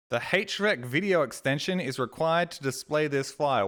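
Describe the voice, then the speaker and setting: A man's voice: on the high side, expressive, unhurried, pauses often, a bit bright. A man chatting casually on a live stream, rambling and swearing with a self-deprecating edge, talking from a desk mic at home.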